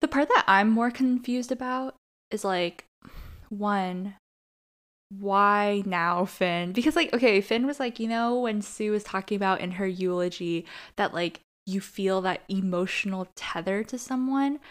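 A woman co-hosting a podcast, recapping a TV episode in loose, casual conversation. She leans on fillers and quick asides. She mimics the characters' lines as she retells the scenes. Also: mid-range voice. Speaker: podcast co-host.

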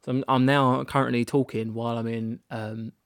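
A man's voice: mid-range voice, level tone, normal speed, dry recording, studio quality. A young British man hosting his own podcast, talking candidly in a rambling way with frequent restarts and self-deprecating laughs, recorded in a rented holiday annex. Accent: British English. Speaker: podcast host. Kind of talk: candid solo podcast monologue.

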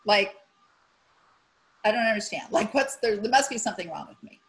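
A woman's voice: on the high side, normal speed, pauses often, a bit bright, poor audio. A woman on a podcast talking frankly and animatedly, swearing casually and acting out her own inner voice. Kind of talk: casual chat.

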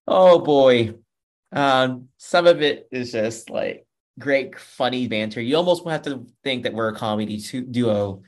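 Guy in his 30s hosting a racing podcast, chatty, rambling, keeps calling people folks. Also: medium pitch. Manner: upbeat, rambling, addresses listeners as folks. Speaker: podcast host. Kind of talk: casual show wrap-up chat.

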